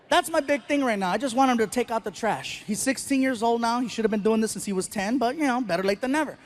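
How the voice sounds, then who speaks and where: A man in his forties telling animated, punchy stand-up stories on stage into a handheld mic. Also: high voice. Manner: animated, punchy, acts out characters. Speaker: stand-up comedian. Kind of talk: stand-up comedy storytelling. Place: stage before a live audience.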